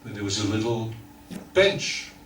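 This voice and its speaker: An older man tells a funny story in a slow, unhurried way, putting on the voices of the people in it. He is recorded from far off in an echoey room. Room noise and audience laughter are clearly heard behind him. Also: lowish voice, animated. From New York. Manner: wry storyteller, mimics voices in quotes. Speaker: speaker telling stories. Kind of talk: humorous anecdote for a live audience. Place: talk hall with audience.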